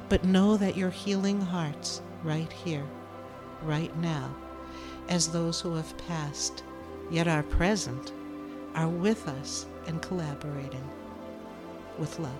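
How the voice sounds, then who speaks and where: A woman medium and author giving a gentle, soothing spiritual talk, emotional at times. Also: fairly low pitch. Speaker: medium and author, podcast host.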